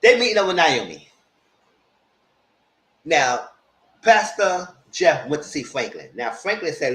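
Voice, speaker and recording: A man hosting a casual live TV recap, animated, jumping into loud high-pitched quotes of the characters. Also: measured pace, long pauses. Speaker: TV review host. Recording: roomy echo.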